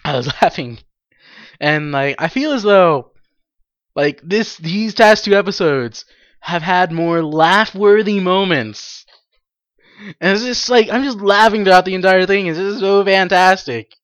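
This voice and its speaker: Young adult podcast host, casual solo monologue, excitable, rambling, swears, laughs a lot, dry dull lo-fi recording. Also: mid-range voice, unhurried, no echo.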